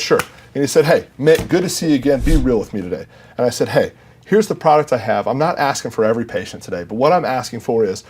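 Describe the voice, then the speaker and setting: A man's voice: mid-range voice, darkish tone, slight background noise. A man who works in sales, a guest on a podcast, telling earnest stories and quoting the people in them. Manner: earnest storyteller, quotes himself and others. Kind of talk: casual interview chat.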